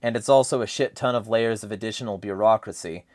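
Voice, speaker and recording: Low-voiced guy ranting, swears a lot, rambly, dry close mic. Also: fast talker, no echo. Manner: profane, rambling, animated rants. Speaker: podcast host. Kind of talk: casual political chat.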